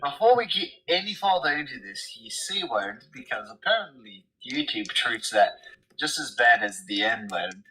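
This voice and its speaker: A man banters as a player in a tabletop game, sounding dramatic and exasperated. His voice is bright and forceful, sitting at a mid pitch. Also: big pitch swings, normal speed, rough recording. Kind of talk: casual tabletop game chat.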